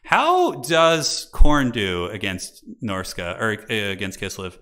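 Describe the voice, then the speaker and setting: A man's voice: lowish voice, measured pace, few pauses. A man casting a live game tournament on his stream, chatty and chatting with viewers as he goes. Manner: animated, chatty, talks to viewers in chat.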